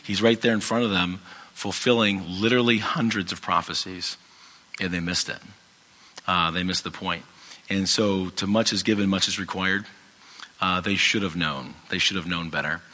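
A man's voice: low-pitched, fairly even intonation, normal speed, pushed and bright, long reverb tail. A man teaching from the Bible in a casual, conversational way, with a strained, fading voice, many fillers and restarts. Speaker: pastor.

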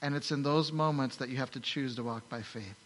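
A man's voice: mid-range voice, brisk. A man preaching a sermon to his congregation, telling the story animatedly and asking rhetorical questions. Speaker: pastor. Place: large church hall. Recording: long hall reverb.

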